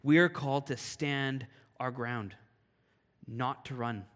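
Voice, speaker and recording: A man from Canada giving a sermon, telling a personal story in a lively, animated way. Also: medium pitch, slow pace. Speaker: pastor. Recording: long hall reverb.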